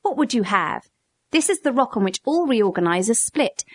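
A woman's voice: fairly high pitch, very animated, normal speed, no room sound. A woman reading a dialogue aloud expressively, lifting her voice in the questions and exclamations. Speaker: narrator. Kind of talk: read-aloud dialogue narration.

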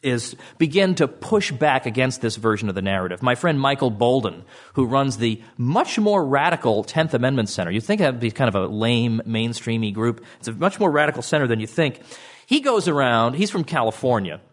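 A middle-aged man giving a speech to an audience as an author, with a sardonic, mocking tone and sudden jumps in pitch. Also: animated, a little fast.

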